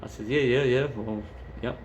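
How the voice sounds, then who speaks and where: A man's voice: mid-range voice, fairly even intonation, moderate pace, dull audio, a little hiss or hum. A man chatting casually as a travel vlogger, rambling and swearing freely. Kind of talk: casual chat.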